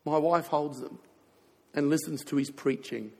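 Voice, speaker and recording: An older man preaches a sermon as a pastor, sharing a heartfelt personal story with deep emotion as he fights back tears. His voice is a little high, with fairly even intonation and an unhurried pace, in a big-room sound.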